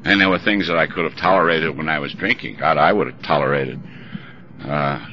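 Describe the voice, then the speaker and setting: Blunt wry man, deep voice, dull recording. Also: fairly quick. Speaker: recovery meeting speaker. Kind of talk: recovery meeting talk. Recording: dull lo-fi recording with faint hiss.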